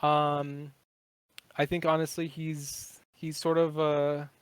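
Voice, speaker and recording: A man's voice: on the high side, completely flat delivery, slow pace, clean tone, no room sound. A man in his twenties, a podcast guest, chatting casually in a rambling, profane way with many fillers. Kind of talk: casual chat.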